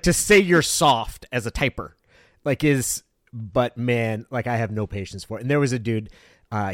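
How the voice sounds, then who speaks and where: A man co-hosting a podcast in casual chat, animated and laughing often, jumping into excited high bits. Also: no echo, studio quality. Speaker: podcast co-host. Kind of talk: casual sports-media chat.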